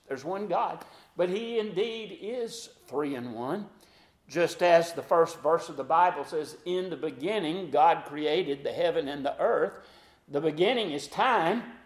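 A man preaching a sermon, quoting scripture in an old-fashioned cadence, swinging between loud emphasis and hushed quiet. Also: on the high side, unhurried, roomy sound.

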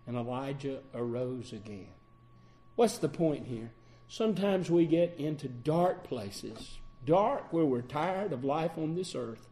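A man preaching a sermon, swinging between loud declarations and hushed passages. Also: on the high side, animated, slow pace.

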